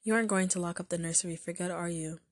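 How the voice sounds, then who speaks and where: A woman's voice: fairly low pitch, steady tone, quick pace, lightly acted. A woman voicing a sullen, spoiled boy in a storybook reading, answering coldly and sharply. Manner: cold, sharp replies.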